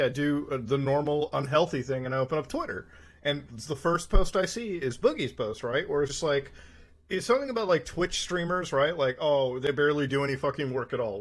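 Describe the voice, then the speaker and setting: A man in his twenties in a casual podcast chat, telling a story with lots of swearing and acting out the exchanges he quotes. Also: a little high. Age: 20s. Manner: animated, profane storytelling, acts out quoted exchanges. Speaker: podcast co-host.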